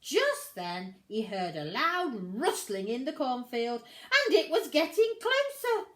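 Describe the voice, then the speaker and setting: Lady reading a kids' picture book, slow and bouncy, kinda high voice. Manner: animated, sing-song storytelling. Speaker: children's story reader.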